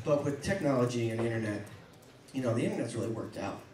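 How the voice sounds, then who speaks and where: A male stand-up comedian on a comedy club stage, doing his routine in an animated way and jumping into high mock voices. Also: fast talker, slight background noise. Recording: echoey club from far off. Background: audience laughter.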